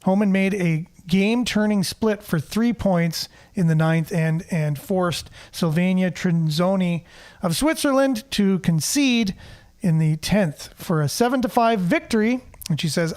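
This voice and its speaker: A man's voice: high-pitched, expressive, measured pace, a little mellow. A man hosting a casual local news show, chatting and reading the news aloud with asides and fillers. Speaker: host.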